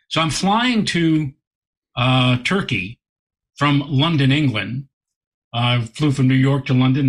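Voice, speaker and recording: Husky-voiced man telling a lively story. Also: medium pitch. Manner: lively storyteller, repeats words when excited. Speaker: astronomer guest. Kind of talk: animated anecdote in conversation.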